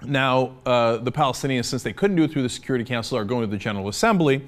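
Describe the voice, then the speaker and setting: A man's voice: medium pitch, fast talker. A man giving impassioned, sarcastic political commentary, arguing his point hard. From United States.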